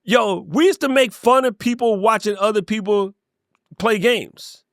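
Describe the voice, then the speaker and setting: High-voiced energetic man, dry sound. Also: measured pace, no room sound. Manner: energetic, conversational, playful asides. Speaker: YouTube creator and coach. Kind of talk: casual motivational talk to camera.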